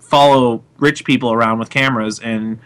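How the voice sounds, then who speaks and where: A man's voice: mid-range voice, fairly even intonation, normal speed, a bit bright, smooth. A man in his twenties hosting a casual chat show, talkative and laughing often. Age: 20s. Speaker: podcast host.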